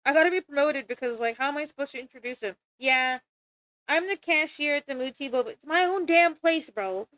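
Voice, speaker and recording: A woman's voice: high voice, fairly quick, fairly bright tone, no room sound. A young woman streamer chatting casually while drawing, rambling and giggling, with casual swearing.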